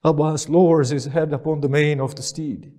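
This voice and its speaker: A man's voice: on the high side, steady tone, normal speed, warm tone. A male preacher narrating a mournful sermon in a solemn voice that rises into lament.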